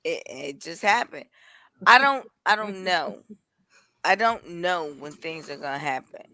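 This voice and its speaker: A woman's voice: on the low side, expressive, unhurried, bright, forceful tone, dry recording. A woman telling blunt, heated stories in a casual podcast chat.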